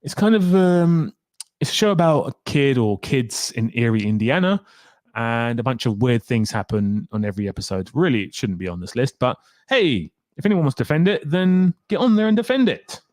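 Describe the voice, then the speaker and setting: A man's voice: mid-range voice, very animated, moderate pace, a little mellow, no echo, clean studio sound. A young man chatting casually on a live stream, reading out and reacting to viewers' comments with wry humor.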